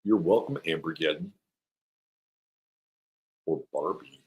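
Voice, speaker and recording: A man's voice: rumbling low, slow pace, poor audio. A middle-aged man hosting an astrology live stream, chatting playfully and rambling as he reads viewer comments aloud. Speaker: astrologer host.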